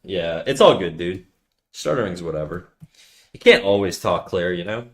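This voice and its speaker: A live streamer with a bassy, nasal voice chats casually while reading viewer comments, rambling fast and animatedly. He stutters and restarts often, swears, uses slang, and calls listeners dude.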